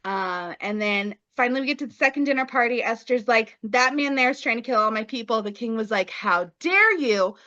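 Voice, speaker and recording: A woman's voice: on the high side, a little fast, few pauses, sharp tone, highs cut off. A woman co-hosting a podcast, casually retelling a story in playful slang and acting out the characters' lines. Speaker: podcast co-host.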